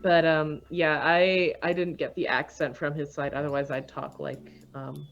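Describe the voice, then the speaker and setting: Canadian woman, stream co-host, low-ish voice, chatty and giggly, muffled lo-fi stream sound. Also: little pitch movement, moderate pace, gravelly. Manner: chatty, laughs often. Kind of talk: casual stream chat.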